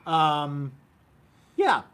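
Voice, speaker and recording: A man's voice: a little high, big pitch swings, extremely slow, a bit bright, clear, resonant tone. A man in his fifties hosting a casual live stream, chatty and jokey, rambling with restarts. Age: 50s. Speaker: host. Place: workshop studio.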